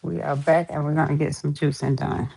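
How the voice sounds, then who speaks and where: A woman's voice: deep voice, fairly even intonation, fairly quick, creaky, dark tone, breathy edge. A woman hosting a casual live stream, chatty and greeting viewers over and over. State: out of breath.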